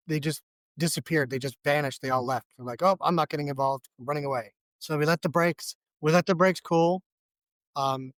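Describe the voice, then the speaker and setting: A man's voice: a little high, fairly bright tone, smooth, no room sound. A man on a podcast telling a long personal story in a rambling, self-deprecating way, with many fillers and restarts. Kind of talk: casual storytelling.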